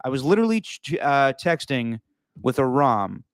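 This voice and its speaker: A man's voice: medium pitch, big pitch swings, normal speed, clear, resonant tone, no echo. A young man hosting a casual sports podcast, loose and joking, swearing freely and laughing easily. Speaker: podcast host.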